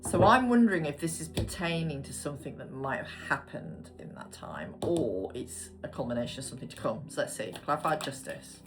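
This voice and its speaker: A woman's voice: sits low, expressive, fast, hardly any pauses, music in the background. A woman giving a casual, chatty tarot reading, murmuring card names and swearing now and then. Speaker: tarot reader.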